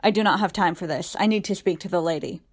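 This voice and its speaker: A woman voicing a gruff, troubled man with a rough voice in an audiobook reading, speaking curtly. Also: on the low side, fast, natural voice. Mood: impatient.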